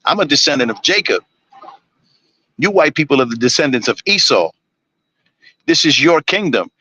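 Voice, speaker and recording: A man's voice: a little high, big pitch swings, normal speed, bright, forceful tone, breathy edge, no room sound, rough recording. A man ranting on a live stream, blunt and preachy, swearing constantly. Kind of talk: profane ranting monologue.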